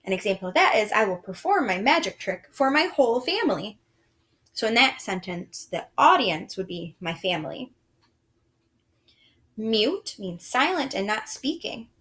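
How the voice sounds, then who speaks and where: A woman's voice: mid-range voice, very animated, fairly bright tone. A woman teaching a first grade reading lesson, praising often and explaining sounds and words patiently for young children. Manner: slow, sing-song and encouraging, with frequent praise.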